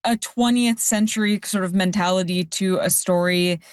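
Woman, panel guest, measured critical tone, mid pitch, dry sound. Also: steady tone, dry recording. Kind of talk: casual panel discussion.

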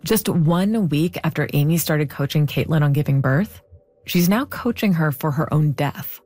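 A woman narrating a true story in measured, scripted storytelling. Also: low voice, darkish tone. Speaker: podcast narrator.

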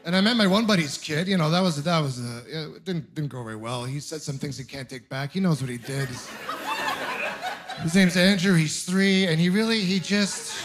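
A man works through a stand-up routine with a notably high voice. He tells his stories with animated, self-mocking mock outrage. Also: moderate pace, background noise. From Ontario, Canada. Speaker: stand-up comedian. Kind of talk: stand-up comedy set.

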